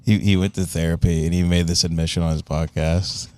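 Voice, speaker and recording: A man's voice: low voice, level tone, a little fast. A man on a podcast clip sharing gossip in a confiding, casual way. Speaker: podcast co-host in a played clip.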